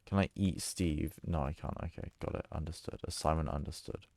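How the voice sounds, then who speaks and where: A man's voice: very deep voice, steady tone, a little fast, creaky, a little mellow, no echo. A man streaming a horror game, joking and chatting casually with plenty of swearing. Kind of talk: gaming stream commentary.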